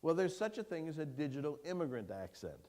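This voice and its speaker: A man giving a keynote lecture to an audience, lively and engaging, putting questions to the room. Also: on the high side, fast talker. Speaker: keynote speaker. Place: lecture hall before an audience.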